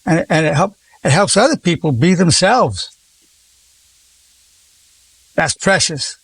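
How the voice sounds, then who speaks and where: A man's voice: on the high side, animated, slow pace, a bit bright, breathy edge. A man in his eighties, a psychologist leading a group session, who talks effusively and keeps repeating words of praise. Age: 80s. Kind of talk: encouraging group talk.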